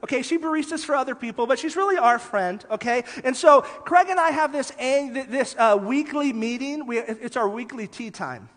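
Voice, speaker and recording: Man, pastor, sermon, high voice, long hall reverb, animated stories. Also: brisk, few pauses. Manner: animated storytelling, drops soft for emphasis.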